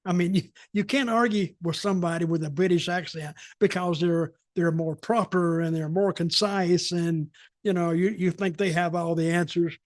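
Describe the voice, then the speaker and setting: High-voiced folksy American man. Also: fairly even intonation, moderate pace, no room sound, studio quality. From United States. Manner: folksy, opinionated, rambling storyteller. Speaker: podcast host, wrestling veteran. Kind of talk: casual podcast chat.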